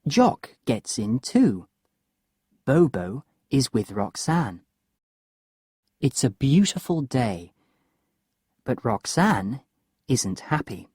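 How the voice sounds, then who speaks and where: Slow, low-voiced woman storyteller. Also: sing-song, mellow, no room sound, clean studio sound. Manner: slow, clear and deliberate. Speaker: narrator. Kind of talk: slow storybook narration for English learners.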